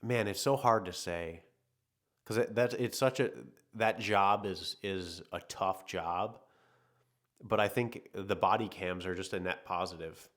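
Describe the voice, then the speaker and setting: A man with a deep, low voice hosts a casual livestream. He reads viewer comments aloud, then muses on them in a loose, rambling way and often second-guesses himself. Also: a little slow. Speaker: podcast host reading live chat.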